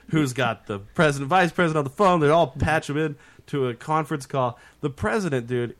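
Animated, swearing man telling a story. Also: medium pitch. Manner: animated, swears, acts out quotes. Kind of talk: casual storytelling among friends.

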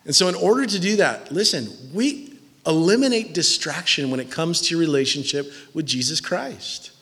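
Young man, sermon, casual jokey delivery, slightly high voice, long hall reverb. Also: moderate pace. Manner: animated, conversational, jokey. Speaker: pastor.

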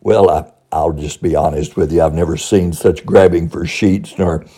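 Husky older man telling school stories. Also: sits low, steady tone, normal speed. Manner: warm anecdotal delivery, chuckling asides. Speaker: former school principal. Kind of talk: folksy spoken storytelling.

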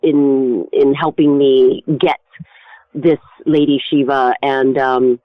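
A woman's voice: extremely low pitch, little pitch movement, slow pace, no room sound. A woman, an actor guest, answering interview questions from home, rambling with frequent restarts. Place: home recording setup. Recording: tinny phone-like line.

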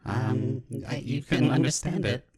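Man doing a smug ancient alien guest, husky voice, hesitant, deadpan boasts, improvised podcast bit. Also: medium pitch, a little slow. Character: smug middle-aged male alien, millions of years old.

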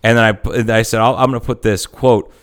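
Irreverent middle-aged man, clear voice. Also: medium pitch, steady tone, quick pace. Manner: irreverent, joking, trails off and restarts. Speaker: podcast co-host. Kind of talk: casual chat.

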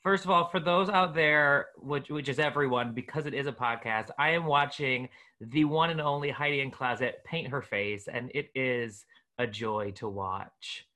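A man's voice: mid-range voice, moderate pace, pushed and bright. A man hosting a podcast, chatting with a guest in a gushing, conversational way. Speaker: podcast host interviewing a guest. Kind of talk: casual interview chat.

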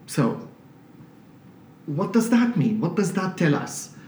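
A man from Syria speaks as an interview guest, telling his stories with lively emphasis. He sits a little back from the mic, so his voice carries the room's echo over a faint hiss. It is a medium-pitched, conversational delivery. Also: takes it slowly. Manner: animated, emphatic storyteller. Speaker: priest, charity director. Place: charity office. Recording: roomy office, mic at a distance, faint hiss.

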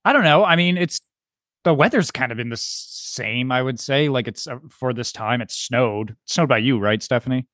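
A man co-hosts a casual podcast from home in New Jersey, chatting in a laid-back, rambling manner and laughing easily. His voice is medium-pitched and fairly bright at a normal speed, recorded at studio quality with no room sound.

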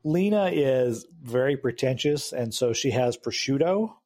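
A man's voice: medium pitch, expressive, unhurried, darkish tone, no room sound. A man narrating a tabletop role-playing game as game master, describing sounds and scenes. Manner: theatrical reading of a recorded diary.

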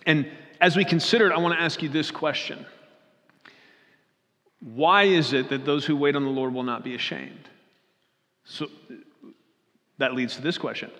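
Man, pastor, earnest sermon, slightly higher voice, long hall reverb. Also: a bit bright. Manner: asks the audience questions, earnest, repeats phrases. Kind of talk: scripture reading and sermon.

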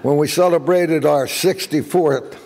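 An older man giving a guest speech, telling jokey anecdotes as an animated raconteur. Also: on the high side, unhurried, big-room sound, slight background noise. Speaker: guest speaker.

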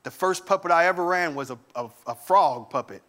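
A man giving a sermon, telling lively family stories with humor and enthusiasm. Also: fairly high pitch, brisk. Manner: animated storytelling with humor. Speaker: guest preacher.

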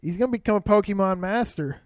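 A man's voice: high voice, fast talker, darkish tone, dry recording, lo-fi sound. A young man co-hosting a podcast in casual chat, joking and teasing with frequent laughs. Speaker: podcast co-host.

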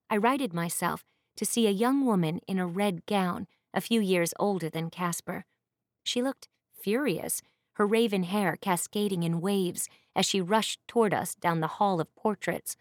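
A woman reading a first-person fantasy audiobook in a measured, descriptive way. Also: on the low side, dry recording, studio quality. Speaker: audiobook narrator. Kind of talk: scripted first-person narration.

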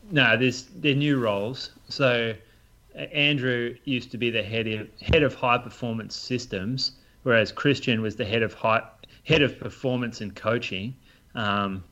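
A man's voice: medium pitch, bright, forceful tone, muffled recording. A man, a podcast co-host and running coach, giving opinions in casual chat.

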